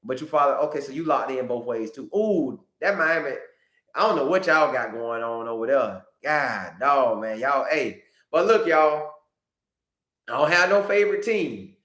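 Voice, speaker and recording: A man hosting a casual live stream, talking straight to his viewers in an animated, repetitive way. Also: mid-range voice, normal speed, roomy sound. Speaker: podcast host reading live chat.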